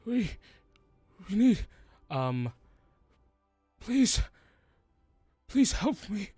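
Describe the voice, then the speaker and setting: A man's voice: high voice, very animated, drawn-out words, a little mellow, breathy edge, no room sound, faint music behind, pitched above the performer's own voice, full character voice. A man voicing a wounded, dying old man who pleads for help in shaky, broken phrases. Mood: pleading.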